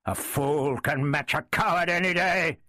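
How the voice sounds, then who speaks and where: A man voicing a fierce, hot-headed crusader earl who talks in a loud, scornful, emphatic way. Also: a little high, a little slow, dry recording, clean studio sound, pitched above the performer's own voice. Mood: sneering.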